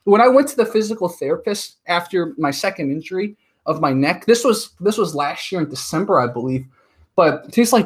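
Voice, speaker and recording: A man in his thirties talking casually as a podcast guest, telling stories and acting out quotes in an animated way. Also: sits high, a little fast, slightly rough. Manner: chatty, animated storyteller, acts out quotes.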